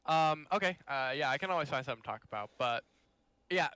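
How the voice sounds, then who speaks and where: A young man co-hosting a casual podcast, joking around and making playful shout-outs. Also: on the high side, animated, fast, clear, resonant tone, dry recording. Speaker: podcast co-host. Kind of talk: casual chat.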